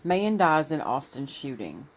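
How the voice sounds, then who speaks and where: A woman YouTube commentator reading posts and a news item aloud, with soft asides in between. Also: sits low, very animated, measured pace, breathy edge.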